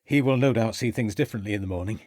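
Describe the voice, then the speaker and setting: A man voicing a brisk, sensible doctor in an audiobook. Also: lowish voice, darkish tone, dry recording, clean studio sound, natural voice.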